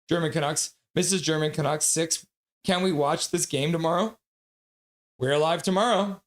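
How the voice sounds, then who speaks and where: A man's voice: a little high, steady tone, normal speed, fairly bright tone. A man from Calgary hosting a casual live stream, reading out viewers' chat messages in a jokey way and laughing often. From Calgary, Canada.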